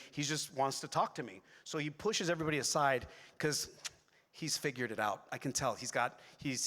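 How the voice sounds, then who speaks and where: A middle-aged man, a voice actor on a convention panel, telling rambling, excitable stories to the audience with many restarts and asides. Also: medium pitch. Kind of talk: animated storytelling on a convention stage. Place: large convention hall. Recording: echoey hall with long reverb.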